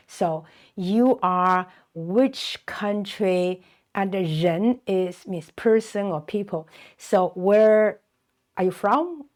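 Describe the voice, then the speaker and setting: A middle-aged woman with a Chinese accent gives a beginner language lesson at an unhurried, deliberate pace. Her voice sits a little low for a woman. She patiently repeats each phrase slowly so learners can follow. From China. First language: Mandarin Chinese.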